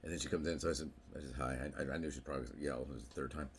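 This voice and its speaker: A middle-aged man with an extremely low, booming voice chats straight to camera. He tells long, wandering stories and acts out other people's words in a louder voice. Faint noise sits behind him. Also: steady tone, racing. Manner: rambling, anecdotal, acts out quotes in a raised voice. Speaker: vlogger. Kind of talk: casual monologue to camera.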